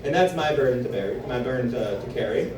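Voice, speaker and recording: Animated male stand-up comedian in a roomy club. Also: mid-range voice, fairly quick, background noise. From Canada. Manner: animated storytelling with acted-out quotes. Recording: roomy club sound from a distance.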